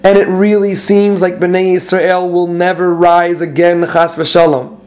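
A high-pitched man teaching a Torah class in a conversational way. He reads out passages in Hebrew and Aramaic, then explains them in English, often restarting his sentences as he goes. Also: level tone, unhurried, a little mellow. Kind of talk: informal Torah lesson.

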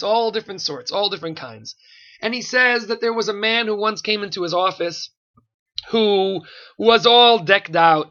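A man's voice: sits high, pushed and bright, highs cut off. A man giving a fervent sermon-style Torah talk, repeating phrases for emphasis.

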